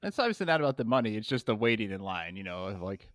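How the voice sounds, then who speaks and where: A man's voice: lowish voice, sing-song, fast talker, fairly bright tone, no room sound. A man co-hosting a podcast in casual chat, with dry wit and frequent laughs. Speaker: podcast co-host.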